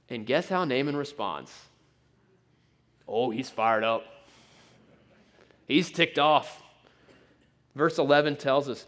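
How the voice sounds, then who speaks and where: A man preaching a sermon, telling the story in an animated way with frequent stammered restarts. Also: medium pitch, slow, long pauses.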